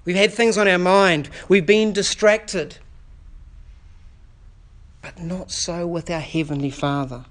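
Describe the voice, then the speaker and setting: A man preaching a sermon at a church service, speaking earnestly, often dropping to a soft, quiet delivery and building through repeated rhetorical questions. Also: sits high, steady tone, takes it slowly, long pauses. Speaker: pastor.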